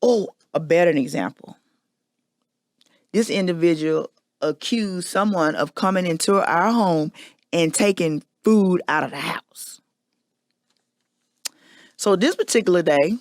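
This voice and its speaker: A woman's voice: fairly low pitch, dry recording, studio quality. A woman hosting a podcast, telling a personal confession in a candid, emphatic storytelling manner. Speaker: podcast host.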